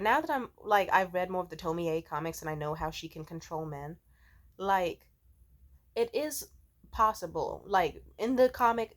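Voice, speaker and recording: Young woman, low-pitched, blunt, profane, casual commentary. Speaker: video essayist.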